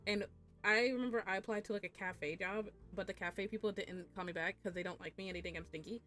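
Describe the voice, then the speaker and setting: Animated and talkative, a young woman recounts a profane work story on stream, squeaking in high voices when quoting others. She speaks fast, with faint music behind her.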